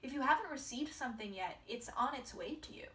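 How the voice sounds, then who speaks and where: A woman giving an earnest, encouraging tarot reading to her viewers, often dropping into soft half-whispered asides. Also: sits high, expressive, quick pace. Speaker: tarot reader. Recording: roomy, distant mic with faint background hiss.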